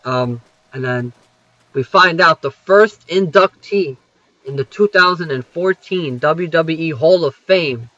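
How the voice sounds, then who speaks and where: A man's voice: on the high side, measured pace, sharp tone, no room sound, highs cut off. A young man rambling through a wrestling recap over gameplay, swearing freely and filling gaps with "you know" and "um".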